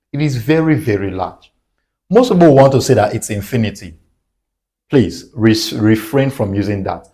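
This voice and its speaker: A man's voice: medium pitch, a little mellow. A man teaching a math lesson at a whiteboard, asking rhetorical questions and answering them himself.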